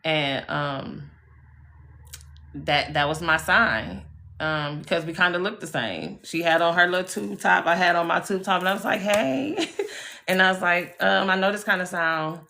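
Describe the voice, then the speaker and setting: Bright-voiced woman chatting on a live stream. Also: on the low side, normal speed. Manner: chatty and emphatic, swears freely, addresses viewers as y'all and baby. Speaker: live-stream spiritual reader. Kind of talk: casual live-stream storytelling.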